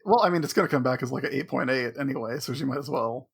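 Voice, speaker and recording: Gravelly, wry man co-hosting a podcast. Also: mid-range voice, fast. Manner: wry, deadpan jokes, runs the segments. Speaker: podcast co-host. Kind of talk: casual podcast chat.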